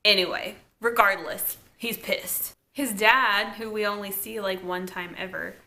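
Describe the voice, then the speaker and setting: Speaking at a measured pace in a steady, sharp, mid-range tone, a TV show reviewer runs through an episode. She keeps it chatty, with frequent "like," asides and laughter.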